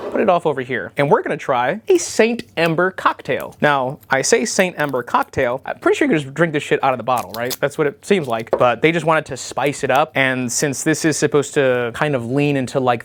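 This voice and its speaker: A man doing a comedic product review vlog, sarcastic and profane, recording at home in front of a green screen. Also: a little high. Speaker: YouTube vlogger.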